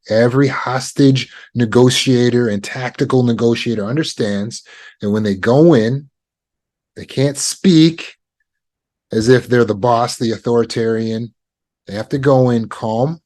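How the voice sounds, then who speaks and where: A man with a mid-range voice coaches on trauma recovery, teaching negotiation skills. He's calm and measured, using deliberate pauses.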